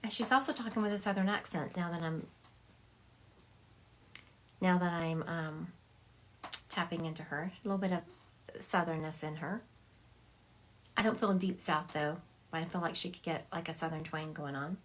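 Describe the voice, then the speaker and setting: A woman's voice: on the low side, moderate pace, long pauses, a little hiss or hum. A woman psychic medium doing a livestream reading over a phone, chatty, laughing often and acting out what spirits say.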